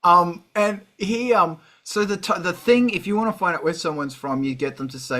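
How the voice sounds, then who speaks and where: A man hosting a casual podcast chat, telling an anecdote in a lively, laughing way. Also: sits high, normal speed, hardly any pauses. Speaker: podcast host.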